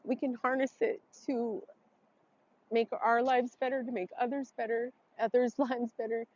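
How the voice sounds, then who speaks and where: A woman speaking a heartfelt, halting blessing and reflection outdoors, emotional and close to tears. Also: on the high side, flat delivery, a little mellow, muffled recording. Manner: heartfelt, tearful, halting with pauses. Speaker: vlogger doing an outdoor ritual. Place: forest, outdoors.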